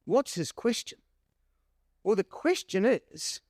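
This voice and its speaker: A male preacher giving a sermon, animated and full of rhetorical questions. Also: high voice, moderate pace, dry recording, clean studio sound.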